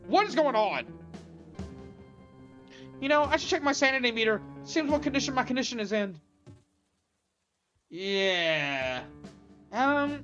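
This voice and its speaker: A sarcastic, foul-mouthed young hostage mocks her captors with defiant swearing and lively ups and downs, voiced by a woman. A video game heroine with a quick tongue and faint music under her lines. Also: a little high, dull audio. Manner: sarcastic, profane, fast-talking.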